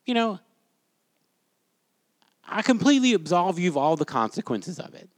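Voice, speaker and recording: High-voiced man teaching a Bible class. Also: big pitch swings, normal speed, dry recording. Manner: conversational, quizzes the class, storytelling.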